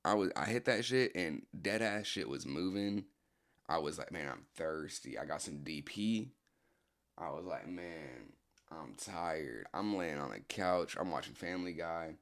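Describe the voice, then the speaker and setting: A man's voice: sits low, animated, moderate pace, a bit bright. A man casually telling a story to a friend in a console party chat, laid-back and rambling, full of slang and restarts, speaking into a game headset.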